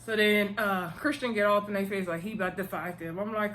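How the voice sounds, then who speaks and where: A woman giving a casual, animated recap of a TV episode, full of slang and playful asides. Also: mid-range voice, fairly quick, slight background noise. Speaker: TV episode reviewer.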